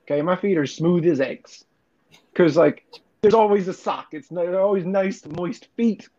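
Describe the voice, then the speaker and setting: This young podcast co-host has a high, warm voice at a normal speed. He tells rambling, profanity-laced stories with laughter in casual chat, captured on a dull lo-fi recording.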